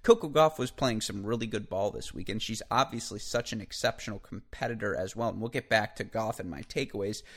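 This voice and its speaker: A male podcast host with a slightly low voice carries a solo show on his own energy. He talks in a chatty, animated way and keeps breaking off into asides and quick self-corrections. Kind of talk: solo tennis podcast monologue.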